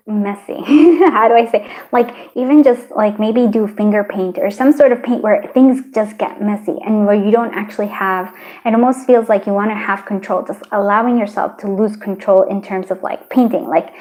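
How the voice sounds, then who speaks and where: A woman giving a pick-a-card tarot reading, talking in a gentle, encouraging way, rambling with many fillers and restarts. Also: mid-range voice, normal speed, poor audio. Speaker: tarot reader.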